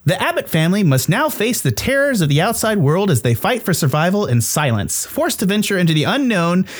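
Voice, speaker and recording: A man's voice: high voice, big pitch swings, a little fast. A man hosting a casual movie trivia game among friends, reading clues aloud and teasing the players. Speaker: quiz host.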